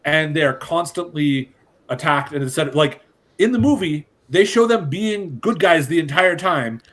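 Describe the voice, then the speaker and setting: A man hosting a casual podcast discussion, measured and hedging, often with filler "like". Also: on the high side, expressive, fairly bright tone. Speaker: podcast host. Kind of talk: casual chat.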